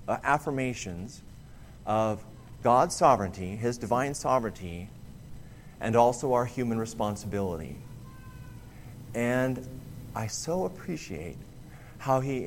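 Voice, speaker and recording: A man delivers a sermon in an earnest, emphatic manner, with a voice of ordinary middle pitch. He often pauses and restarts, leaning hard on key words. A faint hiss sits under the recording. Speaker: preacher.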